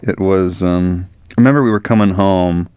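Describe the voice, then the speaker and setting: A man's voice: low-pitched, normal speed, a little mellow, clean tone, no room sound. A man co-hosting a comedy podcast, throwing in dry joking remarks in casual banter. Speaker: podcast co-host.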